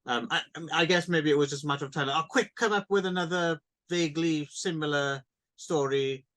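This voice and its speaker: A man with a slightly raised voice co-hosts a casual film podcast. He thinks out loud and ponders each point, often restarting his sentences. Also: a little high, a little fast. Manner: thoughtful, musing, with hesitant restarts. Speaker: podcast co-host.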